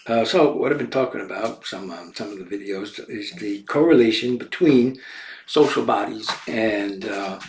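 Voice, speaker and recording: A man's voice: fairly low pitch, moderate pace, roomy sound, recorded from a distance, a little hiss or hum, rough recording. A man hosting a casual monologue, meandering and often correcting himself. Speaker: host. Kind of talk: casual talk to camera.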